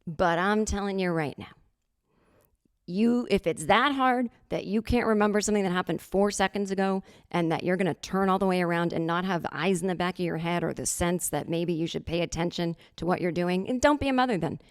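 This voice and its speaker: A woman hosting a podcast, telling a comic story in a sarcastic, animated way and acting out other people's lines. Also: on the low side, fairly quick, clear, resonant tone. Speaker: podcast host. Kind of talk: comedic storytelling monologue.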